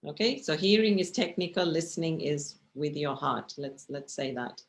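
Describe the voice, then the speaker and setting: A woman's voice: low voice, lively intonation, moderate pace. A woman teaching a communication class over a video call, talking conversationally and often checking in with the listeners. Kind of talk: online lecture with slides.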